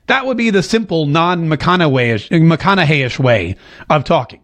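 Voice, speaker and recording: A man hosting a casual political commentary show to camera, animated and jokey, slipping into a drawl when he quotes someone. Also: high voice, normal speed. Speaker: host. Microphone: talking to a camera.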